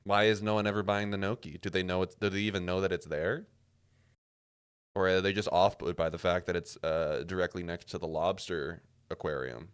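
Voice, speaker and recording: Playing a puzzle game on stream, a man from Canada talks briskly in a smooth, low voice with fairly even intonation, joking, rambling and swearing casually as he goes.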